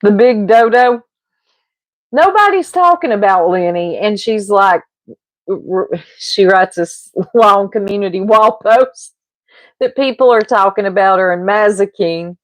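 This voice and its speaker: A woman's voice: medium pitch, a little slow, no room sound. A woman livestreamer chatting casually into her mic, gossiping, rambling and laughing often as she answers chat. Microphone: streaming mic.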